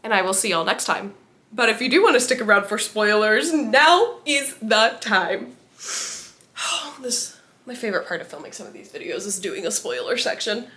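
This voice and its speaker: A young woman talking through a book's plot in a casual spoiler review. She is animated, laughs often and reacts with big exaggerated disbelief. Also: mid-range voice, normal speed. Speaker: book vlogger.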